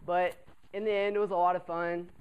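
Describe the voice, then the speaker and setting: A young man, a college cadet, telling a comic story to an audience in a chatty, animated way, often asking the crowd to answer him. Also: sits high, a little fast, clear, resonant tone, lo-fi sound. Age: young adult.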